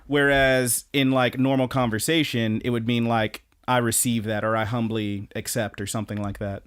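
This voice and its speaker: A man co-hosts a podcast in easy, casual chat. He recaps scenes with animated energy, acting out the characters' lines and laughing often. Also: medium pitch, moderate pace, clear, resonant tone. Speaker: podcast co-host.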